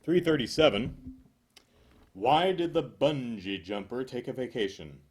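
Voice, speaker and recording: A man reading a list of corny jokes aloud in a deadpan way, chuckling now and then and making dry asides. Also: mid-range voice, a little slow. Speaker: joke reader.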